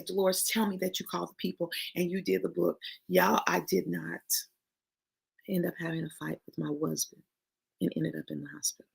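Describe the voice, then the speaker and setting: Emphatic, gravelly motivational woman. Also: medium pitch, a bit bright. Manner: emphatic, preachy, calls the audience y'all and honey. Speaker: motivational speaker. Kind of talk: motivational talk to camera.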